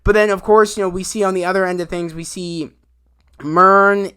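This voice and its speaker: Man, casual show recap, rambling and animated, bright forceful voice, slightly high pitch. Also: moderate pace, clear, resonant tone. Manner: rambling, animated retelling with many fillers and acted quotes. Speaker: video reviewer. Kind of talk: casual spoken episode recap.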